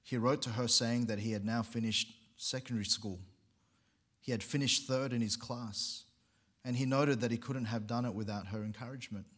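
A man, a pastor, telling a long story during a sermon, earnest and unhurried, now and then correcting himself. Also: medium pitch, steady tone, fairly bright tone. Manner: earnest storytelling with occasional restarts.

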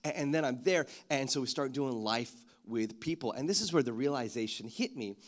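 A man with an Australian-tinged accent preaching a sermon, telling stories in an animated way and often restarting his sentences. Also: medium pitch, brisk. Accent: Australian-tinged English. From Philippines. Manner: storytelling, animated, repeats words when starting sentences. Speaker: pastor.

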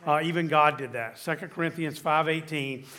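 Bright-voiced man preaching a sermon. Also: on the high side, fairly even intonation, normal speed. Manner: teaching with scripture, asks the audience questions. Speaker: pastor.

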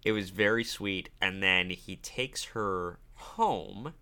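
A man co-hosting a podcast, casually retelling a movie scene by scene with animated asides, swearing and frequent laughter. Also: low voice, slow, smooth. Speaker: podcast co-host.

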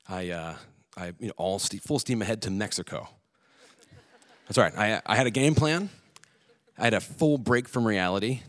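A man telling his own story to an audience, candid and earnest, with casual swearing and some restarts. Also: on the low side. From Alaska. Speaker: speaker telling a personal story on stage. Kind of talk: personal storytelling talk.

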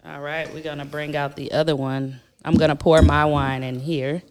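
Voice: mid-range voice, flat delivery, normal speed, clean tone. Laid-back voice rating wines. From Milwaukee. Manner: laid-back, laughs easily, reads out ratings. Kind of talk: casual chat.

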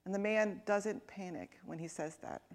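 A woman giving a sermon, talking in a conversational way, asking the listeners questions, and dropping to a soft, quiet voice for emphasis. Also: mid-range voice, moderate pace. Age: adult parent. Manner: conversational, asks the congregation questions. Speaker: pastor.

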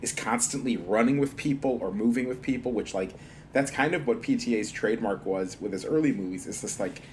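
A man co-hosting a casual podcast talk about a film, lively and quick to laugh, acting out quotes with big jumps in pitch. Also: slight background noise. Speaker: podcast co-host. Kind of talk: casual movie discussion.

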